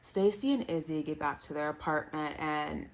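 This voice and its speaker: A woman recapping a reality show in a casual, animated, playful way. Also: sits low, moderate pace, creaky, slight background noise. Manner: animated, playful, quotes others in put-on voices.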